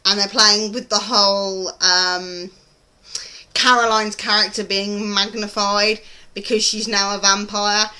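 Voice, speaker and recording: A woman's voice: mid-range voice, level tone, unhurried, sharp tone. A British woman chatting casually in a TV review vlog, rambling and gushing with frequent ums. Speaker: TV review vlogger.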